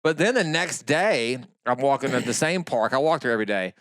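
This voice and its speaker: A man's voice: medium pitch, expressive, fairly quick, fairly bright tone, no echo, clean studio sound. A man in casual podcast chat, telling a story in a rambling, hesitant way.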